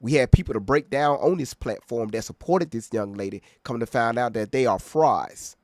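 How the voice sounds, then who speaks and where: A man's voice: medium pitch, moderate pace, no echo, clean studio sound. A man hosting a reaction video, talking straight to his viewers in an emphatic way and often checking they follow him. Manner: emphatic, keeps checking in with listeners. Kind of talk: casual commentary to viewers.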